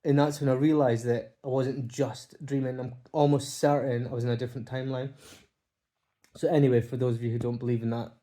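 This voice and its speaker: A man talking to camera from home in a halting, heartfelt monologue. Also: medium pitch, flat delivery, mellow. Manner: halting, heartfelt, many restarts and fillers. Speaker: vlogger. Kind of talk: casual emotional monologue. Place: home, by a window.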